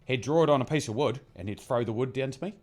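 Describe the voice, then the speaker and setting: A man's voice: mid-range voice, quick pace, a little mellow. Casting: young New Zealand guy, Southland accent, yarn-spinning podcast host, laid-back slang and jokes. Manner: storytelling, slangy and joking. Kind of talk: casual chat.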